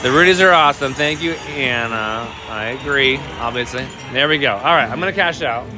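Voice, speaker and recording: A man's voice: medium pitch, brisk. A man hosting a live slot stream, reading viewer comments aloud with playful, laughing banter. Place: casino floor. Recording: casino floor with loud machine music. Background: slot machine music.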